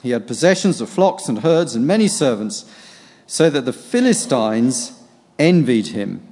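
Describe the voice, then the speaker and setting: A man's voice: medium pitch, sing-song, mellow. Musing man in a reverberant hall. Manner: reads scripture aloud, then muses on it with pauses and fillers. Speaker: preacher preparing a sermon. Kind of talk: thinking aloud through a Bible passage.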